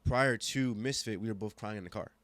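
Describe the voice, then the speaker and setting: A man in his twenties from Germany, guest on a podcast, telling a story with emphatic, animated delivery and many restarts. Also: lowish voice, brisk, no echo. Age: 20s. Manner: animated, emphatic, acts out quoted voices, frequent restarts. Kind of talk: casual storytelling conversation.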